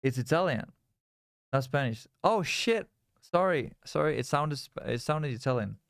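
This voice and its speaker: A man's voice: on the high side, animated, normal speed, creaky, no echo, studio quality. A young man from Scandinavia, chatting casually on a live trading stream, rambling and restarting his sentences. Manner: rambling, repeats words and restarts, reads chat aloud.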